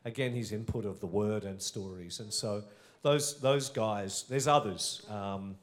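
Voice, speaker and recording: An Australian man in middle age speaks in a somewhat low voice. He is a pastor looking back earnestly, his stories reflective and unhurried in manner. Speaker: senior pastor. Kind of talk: reminiscing in an onstage interview.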